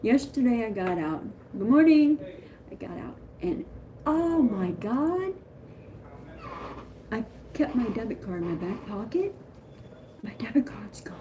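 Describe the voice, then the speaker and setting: A woman chatting on a live stream in a rambling, excitable way, greeting viewers as she talks. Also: on the high side, measured pace, pauses often, noisy background. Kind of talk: casual live-stream chat.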